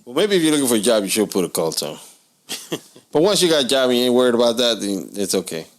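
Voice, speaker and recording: A man's voice: mid-range voice, very animated, fast talker. A man co-hosting a casual comedy podcast, telling stories and acting out phone calls in raised, put-on voices. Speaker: podcast co-host.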